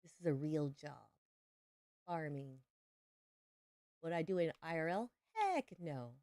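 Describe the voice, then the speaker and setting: A woman's voice: low voice, sing-song, measured pace, a little mellow, no room sound, clean studio sound. A young adult woman streaming a farming game, chatting playfully with her viewers. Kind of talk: casual livestream chat while gaming.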